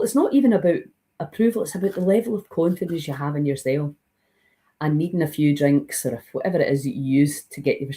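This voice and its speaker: Older woman, retreat leader, low mellow voice, blunt and lively, casual vlog delivery. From Scotland. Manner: animated, blunt and enthusiastic, swings high when excited. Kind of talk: casual direct-to-camera vlog.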